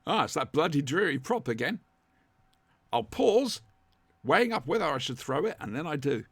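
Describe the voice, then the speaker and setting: A man's voice: a little high, big pitch swings, normal speed, creaky, fairly bright tone, breathy edge, dry recording. A man with a chatty, wry manner, co-hosting a casual watch-along commentary from home. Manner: chatty, wry, fond asides. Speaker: podcast co-host watching along. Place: home room, dry sound.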